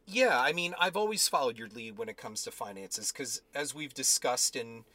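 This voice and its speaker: Wry, bright-voiced man co-hosting. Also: mid-range voice, lively intonation, moderate pace. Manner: wry, laid-back, teasing. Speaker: podcast co-host. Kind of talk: casual podcast chat.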